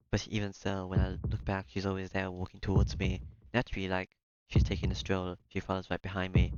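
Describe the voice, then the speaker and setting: A man's voice: deep voice, lo-fi sound, background noise. A man reading a visual novel aloud in the first person, breaking off now and then for joking asides. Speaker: let's-play streamer.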